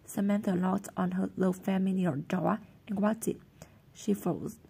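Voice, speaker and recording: A woman narrating a storybook chapter in a plain, steady reading voice. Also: mid-range voice, measured pace, vocal fry, breathy edge.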